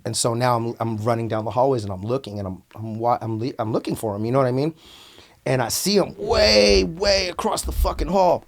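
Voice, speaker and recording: A man telling stories as a podcast guest, animated and profane, calling the host "bro" a lot. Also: medium pitch, brisk, gravelly. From Antioch, California. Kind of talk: casual storytelling.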